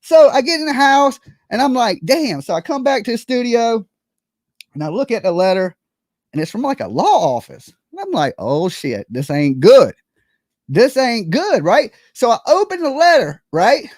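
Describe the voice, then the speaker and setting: Animated streamer telling a wild story. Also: mid-range voice, moderate pace, dry recording, studio quality. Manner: animated, acts out scenes with buzzing sounds and quoted voices; rambling, keeps checking in with "right?" and "okay?". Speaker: live streamer. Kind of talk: comedic storytelling to a live audience.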